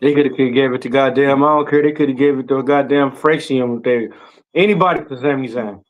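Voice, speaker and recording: A man in a casual chat, emphatic and repeating himself, with halting fillers. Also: mid-range voice, dull audio.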